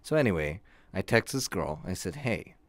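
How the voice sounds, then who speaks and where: A young man co-hosts a casual podcast, telling a long story full of false starts and restarts. His pitch swings widely as he talks. The sound is dry and close. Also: expressive, a little fast, no echo. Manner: rambling, self-interrupting storyteller. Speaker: podcast co-host. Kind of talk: casual chat.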